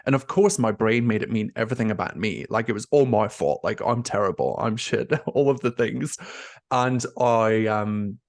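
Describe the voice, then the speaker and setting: A man's voice: on the low side, moderate pace, creaky, dry recording, studio quality. A young man talking openly and emotionally as an interview guest, with a constant stream of "like" and "you know". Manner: emotional, expressive, heavy use of "like". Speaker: nurse coach, interview guest. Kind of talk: candid conversational interview.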